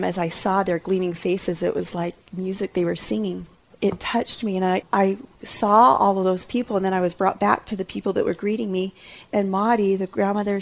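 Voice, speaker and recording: A woman earnestly recounting a deeply personal experience, often dropping into a hushed whisper. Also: creaky. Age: adult mother. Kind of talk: personal testimony.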